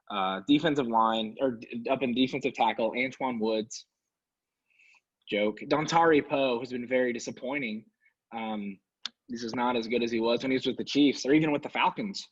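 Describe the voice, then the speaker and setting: A man's voice: medium pitch, moderate pace. A man co-hosting a sports podcast, ranting in casual talk, sarcastic and exasperated. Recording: dull lo-fi sound.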